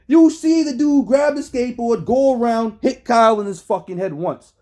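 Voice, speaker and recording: Hyped up streamer guy, swings his pitch all over, cusses nonstop, slangy. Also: moderate pace, few pauses. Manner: animated, swears constantly, laughs often, slangy. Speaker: streamer reacting to a trial. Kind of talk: profane casual commentary.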